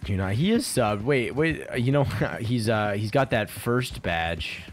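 Male streamer, very low voice, loose profane running commentary with frequent laughs. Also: animated, measured pace, slight background noise. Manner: rambling, profane, laughs often. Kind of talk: casual gameplay commentary.

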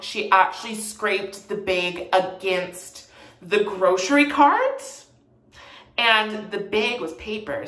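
A woman's voice: medium pitch, a bit bright. Sassy young woman telling a retail story. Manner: chatty, sassy, lots of "like". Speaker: vlogger. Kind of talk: casual storytime vlog. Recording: echoey room.

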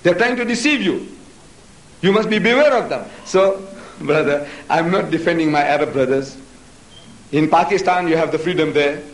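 High-voiced man lecturing in an echoey hall. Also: normal speed, far from the mic. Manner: emphatic, rhetorical questions to the audience. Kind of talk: public religious lecture.

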